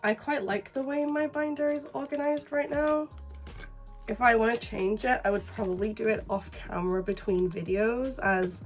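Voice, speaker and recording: A woman with a head cold, her voice nasal and deeper than usual, chatting casually through a collecting vlog. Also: normal speed. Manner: chatty, rambling, lots of "like". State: has a cold, blocked nose. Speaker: collecting vlogger. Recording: distant mic with faint background music.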